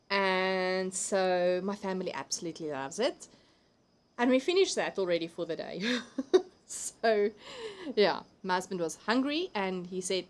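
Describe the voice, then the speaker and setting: A woman's voice: mid-range voice, animated, slow. South african lady chatting on her live stream from home, laughs a lot, reads out comments, easygoing. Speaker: livestream host. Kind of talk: casual chat reading viewer comments.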